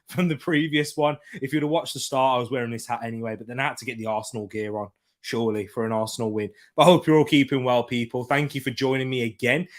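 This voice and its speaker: A young man hosting a live football watchalong, chatting casually with lots of slang and shout-outs as he reads viewer comments. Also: medium pitch. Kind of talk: live-stream chat, reading viewer comments.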